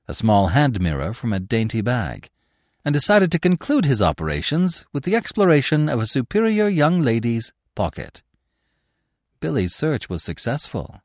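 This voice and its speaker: A man narrating a classic tale in expressive, scripted storytelling style. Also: lowish voice, no room sound, studio quality.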